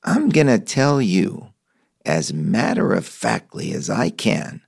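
A middle-aged man hosts a podcast and reads the sponsor spots as enthusiastic stories. His voice is gravelly and swoops up and down, and he takes his time. The sound is dry and close. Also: fairly low pitch, sing-song, slow, a little mellow, dry recording. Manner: enthusiastic storyteller. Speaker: podcast host. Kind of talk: conversational host reading ads.

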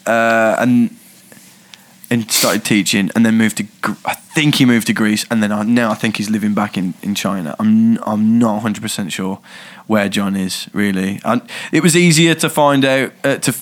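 A man's voice: on the low side, normal speed. A man with a Birmingham accent co-hosting a podcast in casual chat, talking in a hesitant, reflective way that often trails off. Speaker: podcast co-host.

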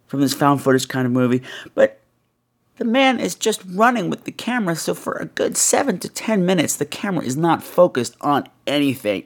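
A podcast host giving a blunt, profane film review, acting out scenes with exaggerated voices. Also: mid-range voice. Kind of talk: casual ranting film review.

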